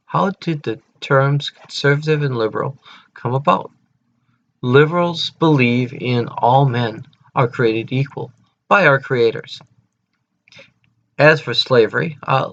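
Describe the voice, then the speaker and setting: Slow-talking man, dull lo-fi sound. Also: medium pitch, fairly bright tone. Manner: slow, deliberate, plain-spoken. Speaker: former Senate candidate. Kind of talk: political monologue. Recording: dull lo-fi recording.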